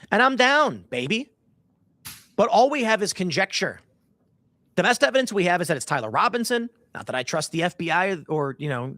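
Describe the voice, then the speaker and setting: A man's voice: high voice, a bit bright, no room sound. A man in his thirties hosting a livestream, rambling casually and reading chat aloud with joking mock voices. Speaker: livestream host.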